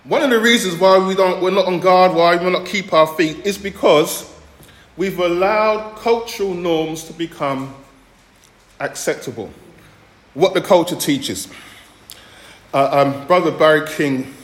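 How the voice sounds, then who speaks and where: A man from the Caribbean preaching a sermon as pastor, earnest, often restarting phrases and pausing to qualify his points. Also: high voice, roomy sound.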